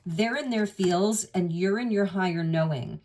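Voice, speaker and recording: A woman's voice: mid-range voice, unhurried, a little mellow, distant mic. A woman giving a musing, intimate tarot reading, speaking straight to the listener. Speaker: tarot reader. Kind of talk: spoken tarot reading to the viewer.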